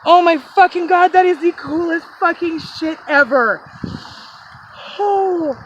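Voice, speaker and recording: A woman on a hike by a creek, shouting and swearing in overjoyed disbelief while filmed on a phone camera outdoors. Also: extremely high pitch, takes it slowly, dull audio, a little hiss or hum. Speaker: hiker filming a vlog. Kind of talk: excited outdoor vlog chatter. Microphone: handheld phone camera.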